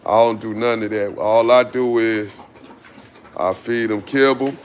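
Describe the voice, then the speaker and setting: A man's voice: on the low side, a little hiss or hum. A man, casually explaining dog training in an outdoor yard while calling commands to his dogs. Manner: slow, relaxed, calls commands to dogs. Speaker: dog owner vlogger.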